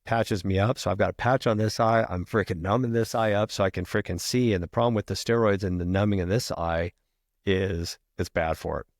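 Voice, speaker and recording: A middle-aged retired firefighter telling a long story as a podcast guest, casual and profane, peppering every sentence with "freaking". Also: male voice, fairly low pitch, fairly quick, no room sound, studio quality.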